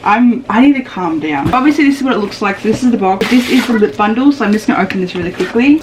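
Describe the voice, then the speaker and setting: A woman filming an excited unboxing vlog at home, gushing and exclaiming as she opens each item. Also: mid-range voice, slight background noise, rough recording. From Australia. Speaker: beauty vlogger. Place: home, washing machine running nearby.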